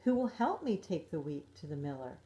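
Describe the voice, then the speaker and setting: A woman's voice: low-pitched, sing-song, brisk, mellow. A woman voicing a hardworking little female hen in a children's storybook reading, earnest and determined. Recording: roomy echo.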